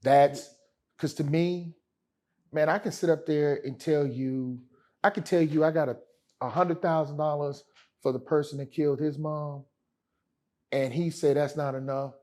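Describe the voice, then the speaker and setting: A man's voice: a little high, fairly even intonation, measured pace, a little mellow. A man speaking as a lawyer guest in a casual interview, telling stories in an emphatic, slangy way. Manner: emphatic, slangy, addresses host as man and brother.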